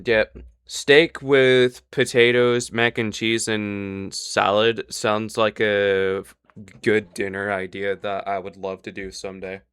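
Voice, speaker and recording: A young man running a tabletop game as dungeon master. His voice is bright and smooth, and the sound is dry and close. He chats casually and lays out the rules plainly. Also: fairly low pitch, level tone, slow pace, no echo.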